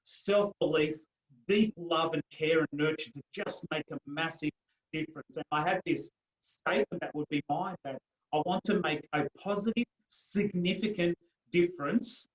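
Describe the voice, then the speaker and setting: A middle-aged man with a slightly raised pitch tells his own story in an interview. He speaks earnestly and repeats phrases for emphasis. The room gives his voice a noticeable echo. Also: moderate pace. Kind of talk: personal storytelling in a podcast interview. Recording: roomy echo.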